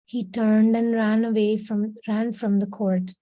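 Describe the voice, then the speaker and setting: Woman reading a storybook aloud, dark dry voice. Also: on the high side, little pitch movement, unhurried, no room sound, low-quality recording. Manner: reads steadily, slips into brief quoted voices. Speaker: class reader.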